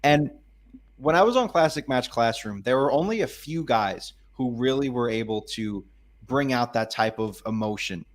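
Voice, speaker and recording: A man's voice: medium pitch, animated, moderate pace. Enthusiastic male podcast co-host. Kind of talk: casual chat.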